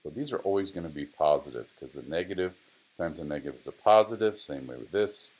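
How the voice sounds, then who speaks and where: A man with a deep, low voice walks through racing data on screen like an instructor. He is casual, repeats points for emphasis and grumbles at his tools as he goes. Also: animated, quick pace. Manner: casual, repeats phrases, talks to the software. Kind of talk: screen-recorded data analysis tutorial.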